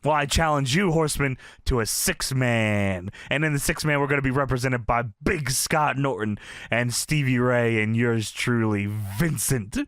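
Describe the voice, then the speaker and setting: A man's voice: mid-range voice, moderate pace, a bit bright, no room sound, studio quality, pitched below the performer's own voice, lightly acted. A man voicing a brash adult male wrestler who pushes and rallies his team around him. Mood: challenging.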